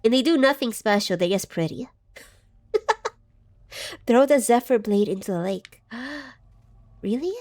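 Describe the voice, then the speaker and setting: A woman's voice: fairly high pitch, animated, a little slow, long pauses, a little mellow. A woman streaming a game live, chatting casually and reading chat aloud, scattered and giggly as she loses her train of thought.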